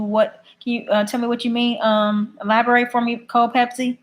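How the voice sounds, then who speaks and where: A woman with a fairly high voice and flat delivery speaks at normal speed on a casual YouTube livestream. She reads viewer comments and fires back blunt, opinionated answers.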